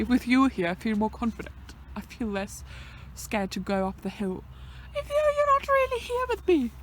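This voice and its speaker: A woman films herself out on a hillside and talks nervously to her camera, sometimes whispering and sometimes blurting out loud. Her pitch jumps around a lot. Faint outdoor noise sits under the voice. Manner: nervous, chatty, switching between whispers and exclamations. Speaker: vlogger. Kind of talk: casual vlog narration while hiking. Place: outdoors on a hillside near fenced fields.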